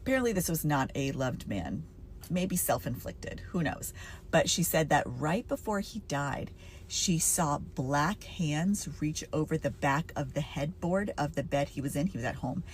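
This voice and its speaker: A woman telling a spooky hospice story in a casual spoken way, hushed at first, then dramatic and emphatic. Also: deep voice, expressive, a little slow, slight background noise.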